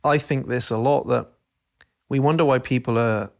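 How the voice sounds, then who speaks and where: A man hosting a podcast in casual chat, talking in an animated, passionate way. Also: mid-range voice, moderate pace, gravelly. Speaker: podcast host.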